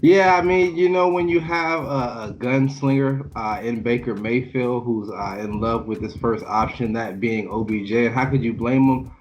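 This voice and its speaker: A man co-hosting a sports podcast, giving measured football analysis with frequent fillers. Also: mid-range voice, dull audio. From Orlando, Florida. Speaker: podcast co-host. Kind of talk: casual sports analysis chat.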